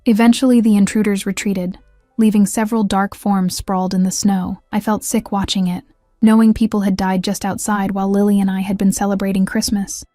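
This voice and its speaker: A woman reading first-person audiobook narration in an even, measured way. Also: medium pitch, dry recording, clean studio sound, soft background music.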